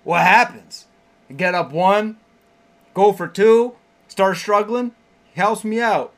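Young male co-host, a bit high-pitched, easygoing storyteller who keeps the show moving. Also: takes it slowly, a bit bright. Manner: laid-back, profane, tells stories. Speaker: podcast co-host. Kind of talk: casual chat.

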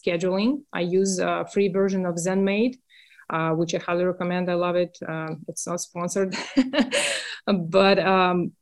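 A woman's voice: on the low side, a little mellow. Earnest woman with a Russian accent. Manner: earnest, candid, slightly hesitant. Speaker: cleaning business owner, guest. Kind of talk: podcast interview.

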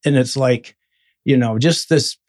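A man in an interview telling his own story in a casual, animated way, acting out the voices of people he quotes. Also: unhurried. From Michigan. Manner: animated, acts out quoted voices with sudden high bursts.

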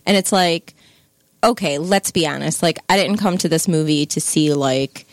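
A woman talks loosely and playfully about a movie, with lots of "like" and quick asides. The recording is dry and close. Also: sits low, no echo. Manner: chatty, many fillers, playful asides. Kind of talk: casual film discussion.

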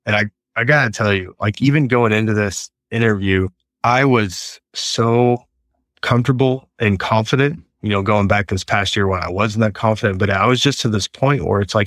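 A man's voice: lowish voice, normal speed, no room sound. A middle-aged man from Texas, telling stories earnestly as an interview guest. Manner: earnest, animated storyteller. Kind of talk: storytelling interview.

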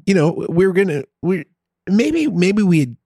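A middle-aged man telling a story in casual chat, crude and profane with an animated, rambling delivery. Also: high-pitched, normal speed, no echo, studio quality.

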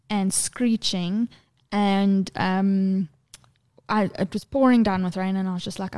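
A woman, co-hosting a podcast and telling lively, sweary stories about her toddler. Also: medium pitch, clear, resonant tone. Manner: animated storyteller, swears freely, mimics her toddler's voice. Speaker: podcast co-host. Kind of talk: casual podcast chat.

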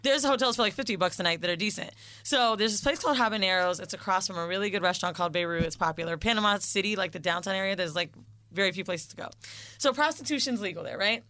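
A woman's voice: medium pitch, quick pace. A woman co-hosting a casual chat, telling a story with slang and swearing and acting out the people in it. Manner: animated storyteller, acts out quoted people. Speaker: podcast co-host telling a story.

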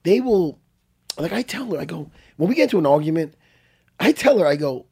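A middle-aged man telling a story in casual chat, animated and profane, with a husky voice. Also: a little high, a little fast.

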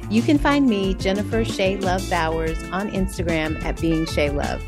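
A woman's voice: lowish voice, moderate pace, music in the background. A woman co-hosting a podcast, speaking in a reflective, dreamy way and later reading the show's credits. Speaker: podcast co-host. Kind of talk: casual chat.

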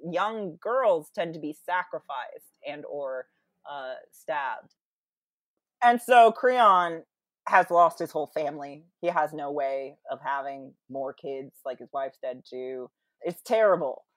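A woman's voice: low voice, animated, slow pace, no room sound. A young woman retelling a Greek tragedy in a casual, chatty way, with lots of fillers and little acted-out quotes.

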